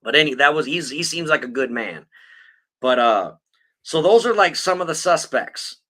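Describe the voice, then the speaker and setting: Guy cursing his way through a podcast story, real sharp bright voice, rambly. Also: on the high side, expressive, moderate pace. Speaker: podcast co-host. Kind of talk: casual podcast chat.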